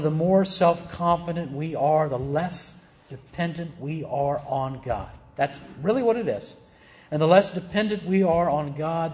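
A man preaching a sermon as pastor. He keeps asking the congregation rhetorical questions, calls them beloved, and acts out quoted voices with a raised, louder voice. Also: a little high.

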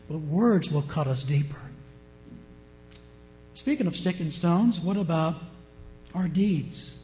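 A male pastor preaching a sermon with passion, swinging from loud declarations to hushed words. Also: fairly high pitch, expressive, takes it slowly, pauses often, soft background music, low-quality recording.

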